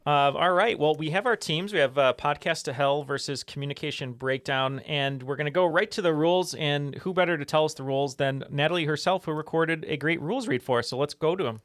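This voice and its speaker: A man's voice: fairly high pitch, brisk, hardly any pauses, fairly bright tone, dry recording. A man hosting a trivia podcast, upbeat and casual, with many fillers. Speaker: podcast host.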